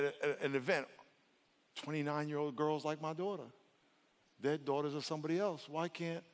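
A man preaching a sermon with a high voice, animated and quick to act out the voices in his stories. His words ring out with a long reverb from a large church hall. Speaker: pastor.

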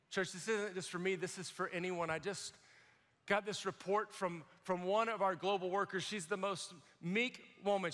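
A young man's sermon carries a long reverb tail as he tells his personal testimony. He narrates with animation, voicing the characters and shouting when the story builds to its highs.

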